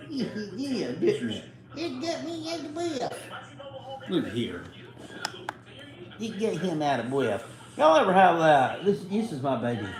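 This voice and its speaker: A man's voice: medium pitch, roomy sound, poor audio. A middle-aged man, hosting a live watchalong stream in a casual, rambling way and cussing freely. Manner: rambling, salty, cusses freely. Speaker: livestream host.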